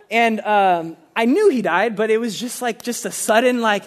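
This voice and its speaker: A young man preaching a casual, animated sermon, talking conversationally and saying "like" often. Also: extremely high pitch, a little fast. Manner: animated, conversational, heavy use of "like".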